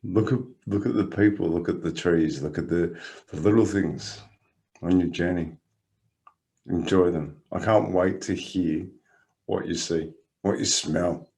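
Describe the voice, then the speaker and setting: A man with an Australian accent and a fairly low voice talks as a coach in casual podcast conversation. His guidance is calm and encouraging, and his storytelling is lively and full of laughter. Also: unhurried.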